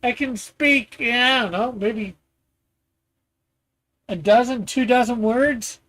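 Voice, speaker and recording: A man hosting a casual live stream, rambling in a relaxed way and laughing often while he talks. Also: very high-pitched, takes it slowly.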